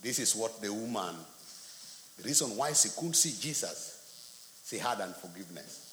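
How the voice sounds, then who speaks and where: A preacher delivering an animated sermon, his voice swinging widely as he acts out stories and sound effects. His tone is bright and forceful. The sound rings with long hall reverb over faint background noise. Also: lowish voice, normal speed. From Kenya. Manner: animated storytelling, acts out quotes.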